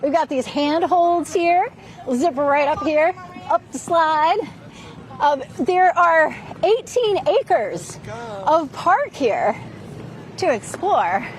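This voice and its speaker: A high-voiced woman gives a live report from an outdoor park. She talks in an upbeat, chatty way and sounds a little out of breath. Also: lively intonation, slow. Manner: upbeat, chatty, laughing between lines.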